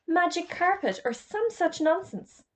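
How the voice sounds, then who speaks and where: A woman's voice: extremely high pitch, expressive, a little slow, a little hiss or hum, voice pushed up. Woman doing a snappish fussy schoolmaster. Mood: brisk. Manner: snappish, then faint and flustered. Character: brisk fussy male schoolmaster, easily rattled.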